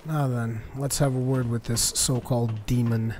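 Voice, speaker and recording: A man doing joking, sarcastic gameplay commentary, getting excited during fights. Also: medium pitch, moderate pace, slight background noise. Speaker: let's play commentator.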